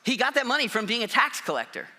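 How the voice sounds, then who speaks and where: Guy preaching, super lively up and down high voice, really bright and punchy, chatty like he's just talking to you. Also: fast. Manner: conversational preaching with frequent "like" and acted-out quotes. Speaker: pastor. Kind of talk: sermon.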